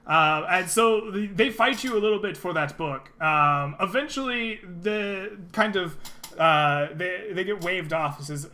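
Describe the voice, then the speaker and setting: A man's voice: high voice, measured pace, bright, forceful tone. A man narrating as game master of a tabletop role-playing game, loose and full of fillers.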